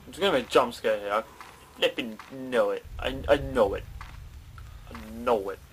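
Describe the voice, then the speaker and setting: A man's voice: mid-range voice, moderate pace, slight background noise. A young man commentating a horror game as he plays it, jumpy, swearing and talking to himself and the game. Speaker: gaming channel host.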